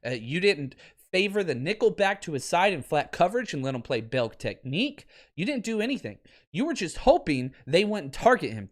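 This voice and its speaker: A man hosting a sports podcast, ranting in an animated, exasperated way at a close desk mic, going from near-shouting to low muttering. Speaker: podcast host. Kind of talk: sports talk rant.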